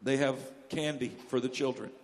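A man preaching a sermon, telling jokes and stories and breaking into sudden loud outbursts. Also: mid-range voice, moderate pace, background noise. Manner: joking, animated storytelling with sudden loud outbursts. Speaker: pastor. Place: church sanctuary. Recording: long church hall reverb.

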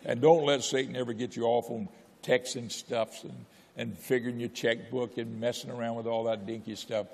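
A man's voice: mid-range voice, little pitch movement, normal speed, vocal fry, a little mellow, in a large hall. An older man preaching a sermon, exhorting with repetition and telling folksy personal stories. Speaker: pastor.

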